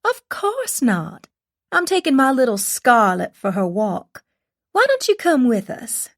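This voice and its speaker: A female audiobook narrator performs a friendly young mother with a strong Southern accent, pitching the voice a little higher and softer than her narration. She talks slowly and gently, stretching her words out confidingly, with wildly swooping pitch and a heavily acted delivery.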